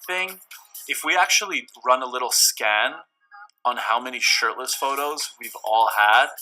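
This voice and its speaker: A man with a very bright, ringing voice chats playfully in an interview. He drops cheeky, self-mocking asides over faint background music. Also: medium pitch, poor audio. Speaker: TV show cast member.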